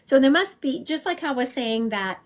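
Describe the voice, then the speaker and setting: A woman's voice: high voice, expressive, normal speed. A woman, chatting casually to viewers on a livestream as she gives psychic readings from home. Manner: chatty, warm-hearted, talks straight to viewers.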